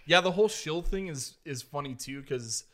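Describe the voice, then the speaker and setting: A man's voice: a little high, animated, moderate pace, a bit bright. A man talking in a casual podcast chat, blunt and joking, swearing freely as a guest. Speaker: podcast guest, gun content creator.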